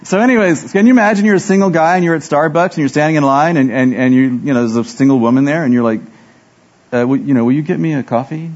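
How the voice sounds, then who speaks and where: A man's voice: a little high, quick pace, lo-fi sound. A man preaching a sermon as pastor, telling self-deprecating stories and acting out the dialogue.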